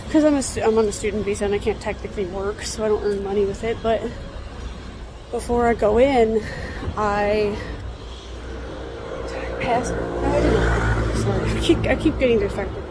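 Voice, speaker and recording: A woman in her thirties casually vlogging while walking, talking in an earnest, rambling way with frequent pauses. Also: medium pitch. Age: 30s. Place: outdoors on a city street with construction nearby. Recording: traffic and construction noise behind.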